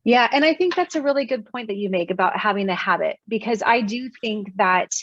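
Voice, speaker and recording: A guest author in her thirties chats casually on a podcast, telling her story earnestly with plenty of fillers. Her mid-range voice is animated, brisk and a bit bright, and the recording sounds dull and dry.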